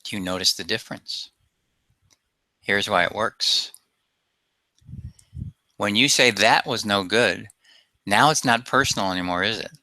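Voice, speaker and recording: A man's voice: lowish voice, a little slow, pauses often, bright, forceful tone, no echo. A man presenting a self-help webinar as a coach, talking emphatically and asking rhetorical questions.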